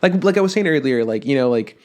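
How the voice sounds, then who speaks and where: A man's voice: mid-range voice, lively intonation, quick pace, a little mellow. A man co-hosting a casual anime review podcast, rambling with lots of fillers. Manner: rambling, filler-heavy, acts out quotes. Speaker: podcast co-host.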